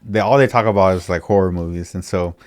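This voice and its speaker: A man's voice: sits low, quick pace, darkish tone. A young man hosting a podcast, telling stories in casual, slangy, profane talk. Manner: slangy, profane street storytelling. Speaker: podcast host. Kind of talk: casual storytelling chat.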